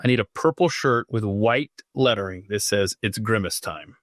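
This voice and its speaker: Recorded dry and clean in a home studio, this man hosts a casual solo podcast in a lowish voice at a moderate pace. He reads from notes but keeps breaking off to joke and riff, rambling as he goes.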